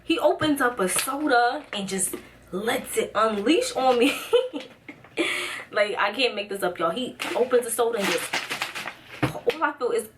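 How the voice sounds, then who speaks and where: A young woman telling a dramatic storytime, acting out the quotes with lively, rising pitch. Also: measured pace, long pauses, recorded from a distance, a little hiss or hum. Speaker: vlogger. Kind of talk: storytime vlog.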